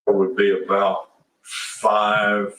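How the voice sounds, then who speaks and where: Male attorney, low bright voice, leading questions, distant roomy recording with hiss. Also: completely flat delivery, slow. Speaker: defense attorney. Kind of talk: questioning in a police interview. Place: police interview room. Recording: echoey room, distant mic, faint hiss.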